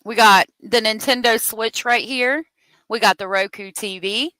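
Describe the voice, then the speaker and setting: A woman's voice: fairly high pitch, measured pace, bright, forceful tone, no room sound, poor audio. A woman hosting a true crime livestream, heated and profane as she talks, thanking viewers for their donations. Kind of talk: angry live commentary.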